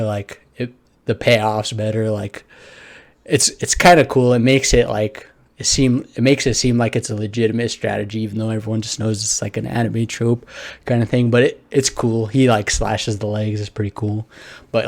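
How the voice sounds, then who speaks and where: A man giving a casual, rambling anime episode review, full of fillers and offhand swearing. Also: lowish voice.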